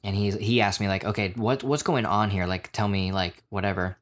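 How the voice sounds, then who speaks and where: A man's voice: on the low side, fairly even intonation, a little fast. A man casually telling a travel story, full of fillers and restarts, acting out quoted voices along the way. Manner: rambling, many fillers, acts out quotes. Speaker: storyteller in a podcast chat. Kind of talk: casual chat.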